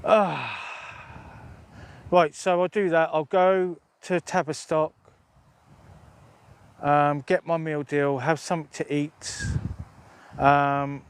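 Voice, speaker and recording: A middle-aged man chatting casually on a live stream outdoors on open moorland, rambling and swearing freely into a phone held at arm's length. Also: mid-range voice. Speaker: outdoor vlogger.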